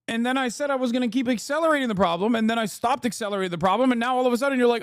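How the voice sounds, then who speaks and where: A man's voice: very high voice, fast, hardly any pauses, no echo, studio quality. A man streaming casual political commentary, ranting in a profane, sarcastic, mocking way. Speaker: streamer host.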